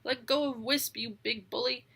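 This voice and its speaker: A woman reads a bossy young bird sister, high and shouty, storybook. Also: steady tone, moderate pace, gravelly, breathy edge, exaggerated voice. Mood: scolding. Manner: shouting, scolding. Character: gutsy young female nighthawk, bossy sister. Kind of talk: audiobook character voice.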